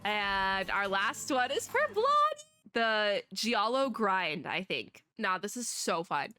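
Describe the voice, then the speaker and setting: A young woman streamer giving casual, excitable reaction commentary, gushing with quick asides. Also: medium pitch, faint music behind. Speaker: VTuber streamer.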